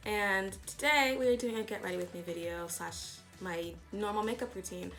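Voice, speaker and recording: A woman's voice: medium pitch, moderate pace, soft background music. A young woman vlogger chatting casually through her morning makeup routine, her voice groggy from just waking up. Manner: chatty, rambling, relaxed. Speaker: beauty vlogger. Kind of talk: casual get-ready-with-me chat.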